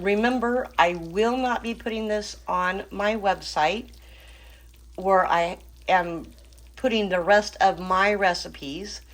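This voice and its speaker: Chatty woman hosting a cooking vlog. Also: medium pitch. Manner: chatty, frequent ums, small laughs. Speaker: cooking channel host. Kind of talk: casual cooking vlog chat.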